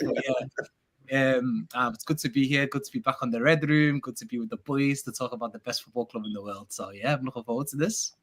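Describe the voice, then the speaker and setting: A man chats as a guest panelist, laughing often and poking fun at himself. His voice is a plain mid pitch. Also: a little fast, a bit bright. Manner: laughing, self-deprecating.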